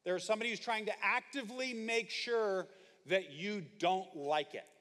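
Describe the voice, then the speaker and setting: A man preaching with a fairly high voice, telling his stories with lively, comic asides. His voice carries a long reverb, as in a large hall. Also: moderate pace. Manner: animated storytelling with comic asides. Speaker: pastor. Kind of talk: sermon.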